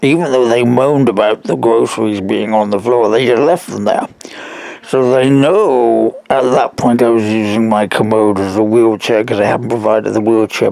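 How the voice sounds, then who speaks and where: A weak man speaks in a gravelly, low-middle voice, telling a long story with halting restarts and rambling asides. The sound is dry and close, with no room around it. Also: darkish tone, no echo, rough recording. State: weak and struggling to breathe. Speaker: caller. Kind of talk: recorded phone call.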